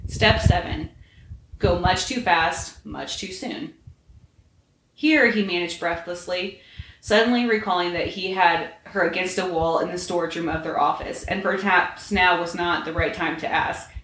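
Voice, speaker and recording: A woman's voice: lowish voice, steady tone, moderate pace, fairly bright tone. Woman reading a story in an echoey room. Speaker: podcast host. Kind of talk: reading fan fiction aloud. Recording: roomy echo, faint noise.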